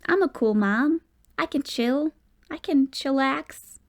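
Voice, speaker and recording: A woman narrating a loving middle-aged mother who shifts between soft whispers and fierce pleading. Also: a little high, normal speed, close to an everyday voice. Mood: playful.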